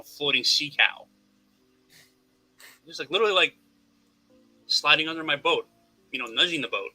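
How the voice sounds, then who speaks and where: This man's medium-pitched voice is bright and forceful on a low-quality recording. Chatting casually on a podcast in Florida, he tells a long story, rambling, cursing with wry humor, and restarting sentences over and over.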